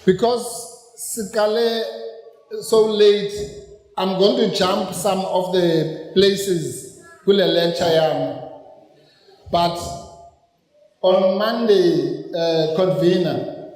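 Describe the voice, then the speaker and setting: A South African man giving a political lecture at a rally, rousing and then deliberate as he explains, slipping into Zulu phrases. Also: sits high, darkish tone. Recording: echoey hall with long reverb.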